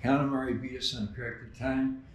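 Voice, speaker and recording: A man's voice: mid-range voice, level tone, moderate pace, recorded from a distance, a little hiss or hum. An older man telling sailing anecdotes at a memorial, often laughing as he talks. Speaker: memorial speaker, skipper. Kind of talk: storytelling eulogy. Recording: very echoey hall.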